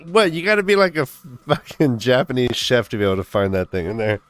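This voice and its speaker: A man's voice: mid-range voice, big pitch swings, quick pace, fairly bright tone, no room sound. A man co-hosting a casual podcast who drops dry, teasing asides. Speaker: podcast co-host. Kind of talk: casual chat.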